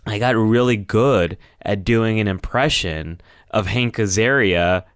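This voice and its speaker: A man with a lowish, smooth, resonant voice talks through a personal story in a casual podcast chat. He is candid and reflective and laughs wryly at himself. The sound is dry and close. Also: a little slow, no echo. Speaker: podcast host.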